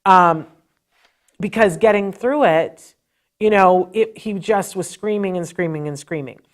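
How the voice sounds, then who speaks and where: A woman's voice: on the low side, unhurried. Middle-aged woman host, earnest parent-to-parent storytelling, emotional and conversational, natural fillers. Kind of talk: personal storytelling advice talk.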